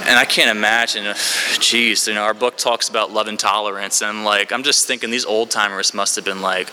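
Candid man with a sharp voice. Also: fairly low pitch, brisk, a little hiss or hum. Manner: rambling, candid, many fillers and restarts. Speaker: speaker sharing at a recovery meeting. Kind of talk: candid personal share.

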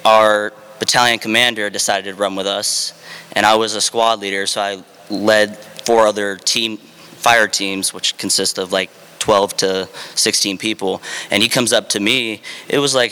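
Ex-Marine storyteller, frank and self-mocking, crisp and forceful tone. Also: male voice, lowish voice, steady tone, moderate pace, big-room sound. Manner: frank and self-deprecating, with fillers and dry humor. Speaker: former Marine sharing his drinking story. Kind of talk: candid personal storytelling.

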